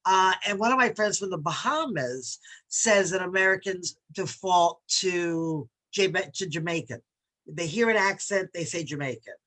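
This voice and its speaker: A New York woman runs a workshop on bias, speaking conversationally and reading quotes aloud with emphasis. Her voice is deep with a fairly bright tone.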